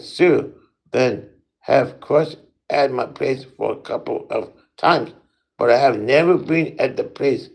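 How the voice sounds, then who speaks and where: Male storyteller, mid-pitched, unhurried, halting read-aloud of a spooky tale with occasional stumbles. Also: darkish tone, low-quality recording. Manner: halting reading with small slips and restarts. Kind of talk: first-person spooky story reading.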